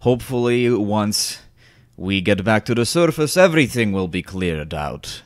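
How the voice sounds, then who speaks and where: A man's voice: on the low side, animated, a little slow, dry recording, studio quality. A man playing a pompous, self-important cleric in a tabletop game, speaking haughtily. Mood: haughty. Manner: haughty, indignant.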